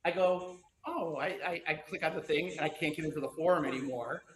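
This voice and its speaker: Man, somewhat high voice, animated rambling storyteller, roomy echo. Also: fairly quick, over a noisy crowd. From Chicago. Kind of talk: casual chat.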